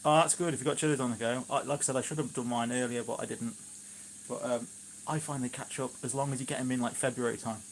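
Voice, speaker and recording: A man's voice: medium pitch, steady tone, fast, slight background noise. A man with a Shropshire accent, chatting casually and rambling with asides at home in his kitchen during a live stream. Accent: Shropshire English. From England, Shropshire. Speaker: gardening vlogger, live streamer.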